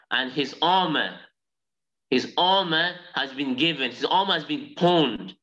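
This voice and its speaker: A man teaching a live online religious class. He tells stories in an animated way and recites Arabic phrases quickly. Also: a little high, lo-fi sound.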